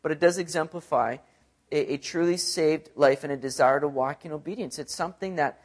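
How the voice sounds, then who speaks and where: A man's voice: a little high, fairly quick. A male pastor giving an expository sermon, earnest and emphatic, often repeating phrases to drive a point home.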